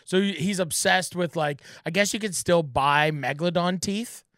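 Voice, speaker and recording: A middle-aged man co-hosting a casual podcast chat, telling stories with lively acted-out voices. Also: high voice, moderate pace, dry recording, studio quality. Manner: animated storyteller, acts out voices loudly. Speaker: podcast co-host.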